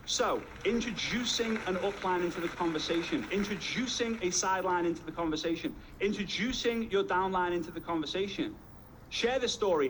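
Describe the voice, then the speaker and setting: A man gives a motivational talk with a fairly high voice. He tells energetic stories and drives his points home with punchy repetition. A faint noise runs behind him. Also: fairly quick, low-quality recording. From Liverpool, England. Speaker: network marketing trainer.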